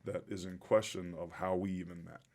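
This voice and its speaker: A man's voice: deep voice, little pitch movement, brisk, gravelly, darkish tone. A man in his forties, a podcast guest, telling his story in a reflective, heartfelt and openly emotional way. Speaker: podcast guest, former pro football player. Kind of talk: interview storytelling.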